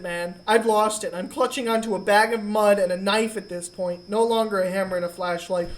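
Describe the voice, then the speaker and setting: A woman co-hosting a podcast, telling a comic story in a casual, profane and animated way. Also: mid-range voice. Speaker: podcast co-host.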